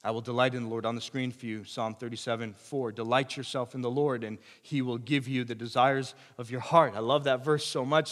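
A male pastor delivering a sermon, swinging between loud emphatic preaching and quiet earnest asides, in a church sanctuary. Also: medium pitch. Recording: long church hall reverb.

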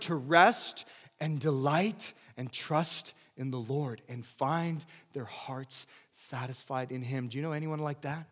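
Guy preaching a sermon in a big church, gets loud then quiet and earnest, lots of hall echo, mid pitch. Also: takes it slowly. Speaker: pastor. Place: church sanctuary. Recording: long church hall reverb.

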